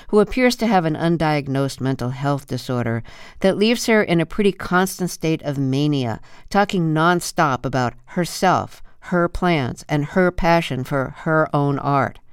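A woman radio interviewer narrating a measured, clear introduction before a conversation with her guest. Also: deep voice, no echo, studio quality.

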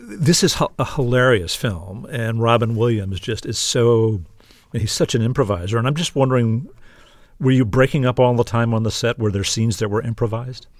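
Brief: male host, mid-range voice, measured questions, dry studio sound. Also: medium pitch, dry recording. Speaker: interview host. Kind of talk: broadcast interview.

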